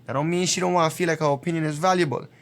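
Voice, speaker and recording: A man's voice: on the high side, steady tone, racing. A man giving dating advice straight to camera, emphatic and repetitive, slipping into voices when he retells a joke. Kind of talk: direct-to-camera advice monologue.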